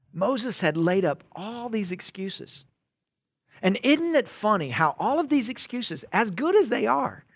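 Pastor, male, high voice, dry close sound, casual preaching with loud-soft swings. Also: dry recording. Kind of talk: sermon.

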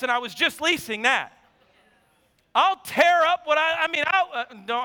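A pastor in his thirties preaching a sermon and telling a personal story, animated, dropping to low asides and rising to shouted emphasis. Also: long reverb tail. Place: church sanctuary.

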